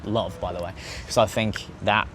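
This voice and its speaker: A man rambles quickly through a casual podcast chat, drifting onto tangents and swearing freely. His voice sits a little low. Clear traffic noise hums behind him. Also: fairly even intonation, fairly bright tone. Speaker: podcast guest. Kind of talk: casual conversation.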